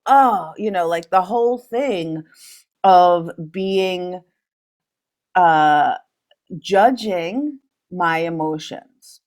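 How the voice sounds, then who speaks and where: A middle-aged woman hosting a solo podcast, talking in a gentle, earnest coaching tone. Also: fairly low pitch, animated, slow. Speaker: podcast host. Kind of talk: reflective solo podcast talk.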